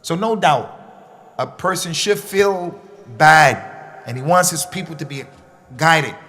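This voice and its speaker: A man teaching a religious workshop for young people, animated and repeating phrases for emphasis, with Arabic recitation mixed in. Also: a little high, takes it slowly. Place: mosque.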